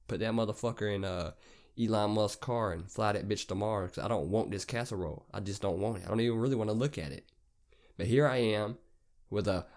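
A young man talking on his own podcast in a low-pitched voice, telling a loose, rambling story. He swears freely and leans on slang, the way you would talk to a friend. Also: darkish tone. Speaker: podcast host. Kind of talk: casual storytelling monologue.

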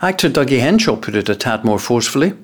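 A man reading an opinion column aloud with lively, expressive emphasis. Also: mid-range voice, fast talker, husky.

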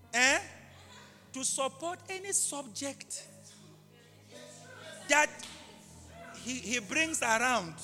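A man preaching a live sermon in an impassioned way, repeating key phrases and bursting into shouts. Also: very high-pitched. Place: large church hall. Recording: live hall reverb with faint music.

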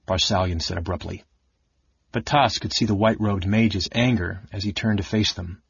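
A man narrating an audiobook in a steady, even reading voice. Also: sits low, normal speed, vocal fry, breathy edge, no echo. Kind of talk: scripted narration. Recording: dull, dry audiobook recording.

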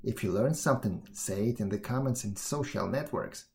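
A man reading a fairy tale aloud as a storyteller, with expressive, measured narration. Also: lowish voice, gravelly.

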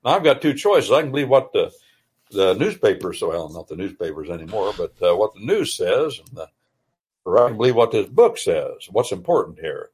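A man's voice: lowish voice, very animated, moderate pace, darkish tone, husky. A male radio host reading and explaining scripture in a folksy, emphatic, preacher-like way. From United States.

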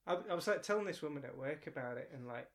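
A man co-hosting a podcast, musing out loud with lots of "like" and trailing thoughts. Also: a little high, animated, quick pace, over a noisy crowd. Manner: hesitant, filler-heavy musing. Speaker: podcast co-host. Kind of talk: casual chat.

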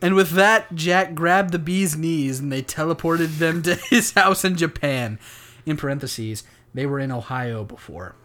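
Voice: mid-range voice, a little slow, a bit bright. A storyteller reading a silly story aloud to friends, often breaking into giggles. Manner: giggly, keeps breaking into laughter.

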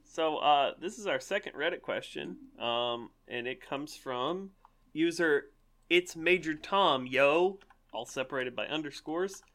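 Man, podcast co-host, bright tone, animated, laughs a lot, swears. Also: on the high side, a little slow. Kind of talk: casual podcast chat.

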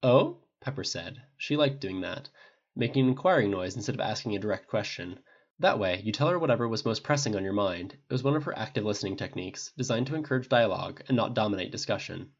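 A man giving steady scripted audiobook narration on a dull lo-fi recording. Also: on the low side, fast.

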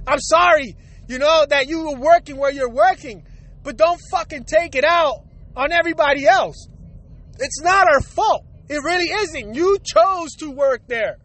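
A man hosting a solo rant podcast, swearing and slangy, with a cold that makes him cough and clear his throat. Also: very high-pitched, animated, normal speed, pushed and bright. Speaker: podcast host.

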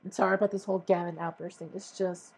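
Husky woman ranting profanely on a podcast. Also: on the low side, level tone, fast, darkish tone, low-quality recording. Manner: profane, exasperated, sarcastic ranting. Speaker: podcast host. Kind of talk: casual ranting monologue.

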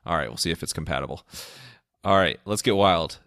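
A man's voice: low-pitched, a bit bright, no room sound, studio quality. A man hosting a podcast interview, playful and upbeat as he asks questions and jokes about wordplay. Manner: playful and upbeat, quick to laugh at puns. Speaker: podcast host.

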